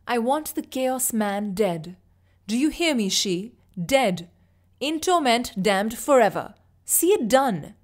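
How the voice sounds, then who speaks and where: A woman's voice: fairly high pitch, big pitch swings, slow, heavily acted. A woman voicing a paranoid, furious young male king who barks commands in an audiobook reading. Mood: vengeful commanding. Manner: shouting, commanding. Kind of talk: audiobook character voice.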